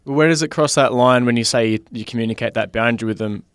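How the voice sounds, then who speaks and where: A man's voice: medium pitch, quick pace, clear, resonant tone, dry recording, studio quality. A young man co-hosting a podcast who asks questions hesitantly, with many restarts. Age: young adult. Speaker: podcast co-host. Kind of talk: casual chat.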